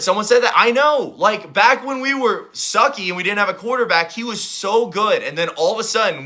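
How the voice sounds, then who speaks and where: A young man hosting a livestream, chatting casually and rambling as he answers chat comments, his voice a little hoarse. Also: sits high, pushed and bright. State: hoarse, voice recovering. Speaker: livestream host.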